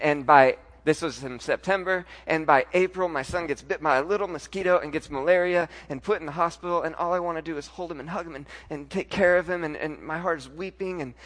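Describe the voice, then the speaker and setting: A pastor in his thirties preaching a sermon, his slightly higher-pitched voice carrying an emotional personal story. He swings from loud, excited outbursts down to hushed, tearful passages. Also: long reverb tail.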